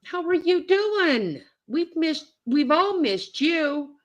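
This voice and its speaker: A woman's voice: sits high, sing-song, takes it slowly, low-quality recording. A woman hosting a casual livestream, blunt and salty, greeting viewers by name. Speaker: livestream host.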